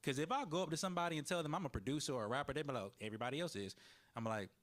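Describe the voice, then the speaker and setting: A man moderating a student panel, animated and acting out the people he quotes. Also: fairly high pitch, racing.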